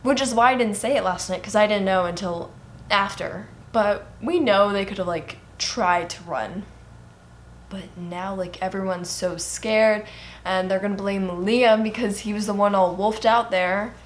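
A young woman hosting a reaction video, chattering excitedly and gasping at what she watches. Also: mid-range voice, unhurried, a little hiss or hum. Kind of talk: casual reaction commentary.

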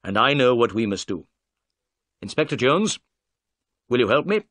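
A man voicing a confident, clever male detective who speaks in a brisk, assured way in a storybook reading. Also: medium pitch, very animated, fairly bright tone, no room sound.

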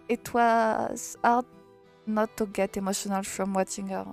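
A French woman streaming and reading a visual novel aloud in English, hesitant and halting, often laughing between lines. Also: medium pitch, steady tone, soft background music. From France.

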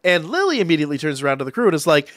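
A man casually recapping an anime episode, rambling excitedly and acting out the characters' lines as he goes. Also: a little high, racing, no room sound, clean studio sound. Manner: excited, rambling retelling with acted-out quotes. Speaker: anime reviewer.

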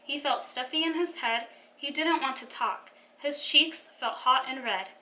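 A woman from a children's ministry reading a picture book aloud to children in an animated storytelling manner. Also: sits high, measured pace, slight background noise.

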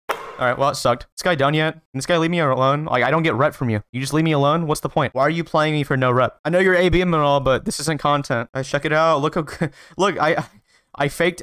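A man giving casual gameplay commentary, trash-talking playfully with quick excited outbursts. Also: medium pitch, a little hiss or hum. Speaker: gaming video creator.

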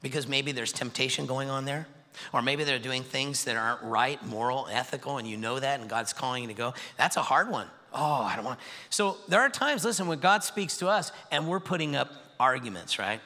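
Animated, bright-voiced male pastor preaching. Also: medium pitch, brisk, in a large hall. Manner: animated, acts out voices and quotes. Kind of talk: sermon. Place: large church sanctuary.

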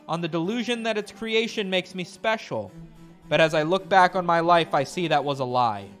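A man's voice: sits high, fairly bright tone, pitched above the performer's own voice. A man voicing a gloomy, self-pitying male musician, reading game dialogue aloud in a melodramatic way. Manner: melodramatic confession read aloud.

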